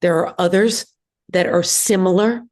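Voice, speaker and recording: A woman teaching a synagogue class, speaking hesitantly with many ums and pauses. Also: lowish voice, steady tone, a little mellow. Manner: hesitant, many ums, sings trope examples. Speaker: bar mitzvah trope teacher. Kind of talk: classroom lesson.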